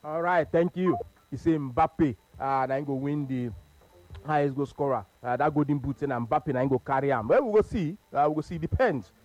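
A man with a Nigerian Pidgin accent hosting a call-in sports radio show, animated and repetitive, laughing often. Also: a little high, fairly quick, lo-fi sound, soft background music. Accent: Nigerian Pidgin English.

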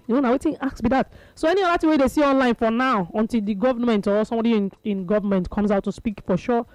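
A man's voice: very high voice, fast, few pauses, dry recording, low-quality recording. A man with a Nigerian Pidgin accent hosting a call-in radio talk show, chatting and reading out listeners' texts. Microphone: studio microphone.

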